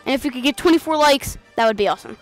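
Excitable high-voiced woman gaming host. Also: soft background music. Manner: excitable, playful, quick to shout and mimic characters. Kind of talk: let's play commentary.

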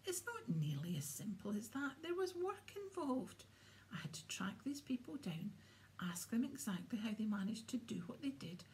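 A woman voicing a vain, smooth-talking male wizard teacher in a storybook reading, pompous and condescending. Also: fairly high pitch, sing-song, normal speed, darkish tone, a little hiss or hum. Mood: smug.

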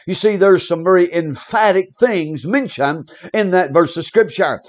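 Man preaching on the radio, pitch up high and jumping all over, keeps hammering the point. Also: animated, unhurried, hardly any pauses. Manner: emphatic, repetitive preaching with direct address. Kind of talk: radio sermon.

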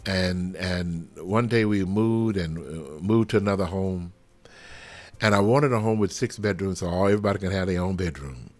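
A man leading a live prophetic prayer over a livestream, fervent and swinging from soft murmurs to loud exclamations. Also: low-pitched, moderate pace. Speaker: pastor. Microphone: livestream webcam.

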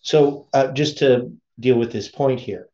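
A man's voice: medium pitch, measured pace, warm tone. Man reading a sermon, lo-fi sound. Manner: asks the listeners rhetorical questions. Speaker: preacher. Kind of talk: reading a sermon aloud with commentary.

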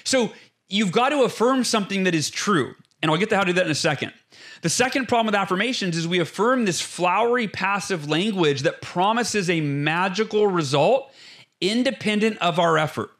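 Male interview guest, high voice, punchy motivational delivery, step-by-step. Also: lively intonation, a little fast, fairly bright tone. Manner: emphatic, acts out inner voices; lays out numbered steps. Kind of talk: energetic motivational explanation.

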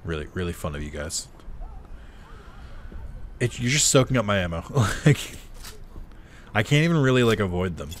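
A man with a deep, low-pitched voice talks through a game in casual let's-play style. His delivery swings widely up and down as he chats, laughs and swears at the action. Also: expressive, normal speed, pauses often, a little hiss or hum. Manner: chatty, swears freely, laughs at his own jokes. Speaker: gameplay commentator.

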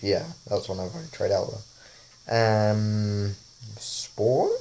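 A man's voice: lowish voice, mellow. A man casually talking over a face-swap app, rambling and often laughing. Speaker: vlogger.

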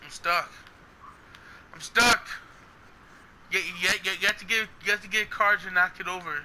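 A man's voice: high voice, steady tone, normal speed, sharp tone, slight background noise. A man playing a driving game with a friend, joking around, swearing and repeatedly teasing him in a cartoon-bear style bit. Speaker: gaming channel host. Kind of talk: casual gameplay banter.

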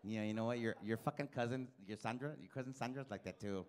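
A man's voice: medium pitch, quick pace, a little mellow. A man doing live stand-up in a comedy club, working the crowd with a brash, profane, teasing manner into a handheld stage mic.

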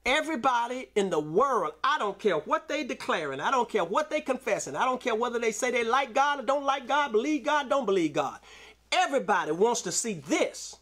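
Male preacher, high voice, AAVE, sermon delivery with call-outs. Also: very animated, fairly quick. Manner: preaching with call-outs and scripture reading, rising to shouts. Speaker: pastor.

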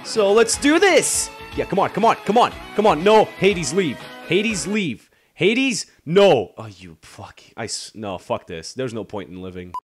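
A man calling out his own gameplay with constant swearing and heavy sarcasm. His slightly raised voice jumps around a lot in pitch, and faint music plays underneath. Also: big pitch swings, unhurried, hardly any pauses. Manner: swears constantly, swings between mock bravado and frustration. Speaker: gameplay commentator. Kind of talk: profane live gameplay commentary.

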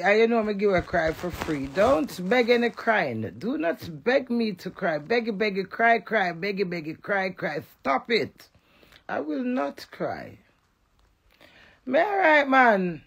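A woman with a Jamaican accent ranting defiantly to the camera, swinging between loud outbursts and low mutters. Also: creaky. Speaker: vlogger. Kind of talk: emotional direct-to-camera rant.

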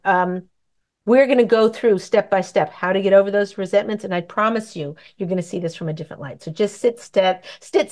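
A woman's voice: medium pitch, darkish tone. Chatty woman giving advice. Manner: chatty, rambling, acts out dialogue. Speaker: host answering questions. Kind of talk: casual advice talk.

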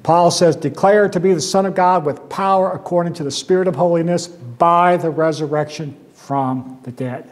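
A man's voice: fairly high pitch, steady tone, moderate pace, few pauses. A man teaching a Sunday school class, talking conversationally, asking rhetorical questions and quoting scripture with emphasis.

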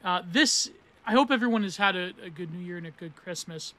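A man of thirty with a high, bright voice hosts a casual book review podcast. He rambles and corrects himself as he goes. Dense academic terms run alongside internet meme slang. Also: brisk. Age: 30s. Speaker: podcast host reviewing philosophy books.

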